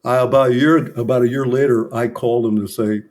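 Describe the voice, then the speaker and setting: A man's voice: medium pitch, fairly even intonation, fairly quick, darkish tone. A middle-aged man, a business consultant, reflectively and earnestly recounting his own mistakes as a podcast guest. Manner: reflective, earnest, self-critical. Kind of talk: candid conversational storytelling.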